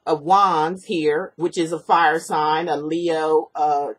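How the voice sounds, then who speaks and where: A woman reading tarot cards for one client, talking in a rough, breathy voice that sits a little low. She rambles and repeats herself with plenty of ums, and sniffles now and then from allergies. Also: steady tone, slow. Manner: rambling, earnest, repeats herself, lots of fillers. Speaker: tarot reader. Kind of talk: personal tarot reading to camera.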